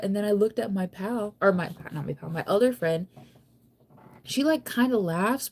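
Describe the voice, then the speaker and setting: A woman's voice: mid-range voice, normal speed, darkish tone. A young adult woman chatting casually to camera, telling a long story in a rambling way with lots of "like" and restarts. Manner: chatty, rambling, heavy use of "like". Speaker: vlogger.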